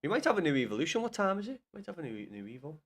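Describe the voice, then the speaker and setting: On a gaming livestream, a young man with a voice a little high for a man talks to his viewers. Very animated and racing, he fires blunt, sweary banter back at his chat, loose and unscripted.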